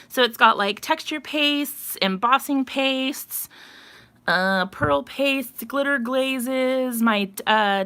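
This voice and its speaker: A craft channel host, a woman with a slightly high, sharp, clean voice, chats on a live stream while touring her home craft room. She sounds a bit out of breath and rambles with fillers.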